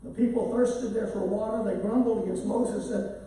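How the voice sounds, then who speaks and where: A man's voice: sits high, steady tone, moderate pace, hardly any pauses, dark tone, heavy reverb, recorded from a distance, poor audio. A man teaching a Bible lesson in a conversational way, summarizing chapters and reading verses aloud. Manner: conversational, reads scripture aloud.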